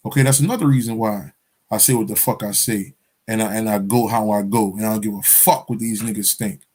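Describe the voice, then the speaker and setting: A man's voice: lowish voice, fairly even intonation, brisk, darkish tone, breathy edge. A man telling a personal spiritual story in a casual, profane, rambling monologue, often checking in with "you understand?". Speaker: spiritual vlogger.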